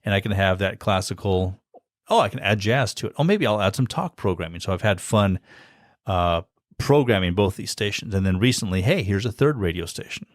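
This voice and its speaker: A man's voice: on the low side, animated, brisk, no room sound. A man who heads a college radio and audio program, talking casually as a guest in a podcast studio, wry and self-deprecating. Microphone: studio mic.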